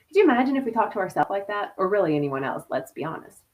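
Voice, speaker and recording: A woman hosts a casual stream from home, talking loosely into a video call mic. She chats and laughs easily, dropping "like" and "y'all" as she goes, at a middle pitch. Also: sing-song, quick pace, darkish tone. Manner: chatty, laughing, uses "y'all" and "like" often. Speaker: host. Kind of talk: casual live-stream talk.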